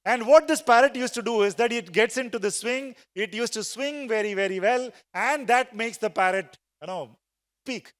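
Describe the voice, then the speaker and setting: A sales trainer with a very high-pitched voice speaks at a moderate pace, giving a motivational sales talk to a live audience in a large conference hall. He tells a story and gets the crowd to answer aloud, and the big hall's long reverb fills the recording.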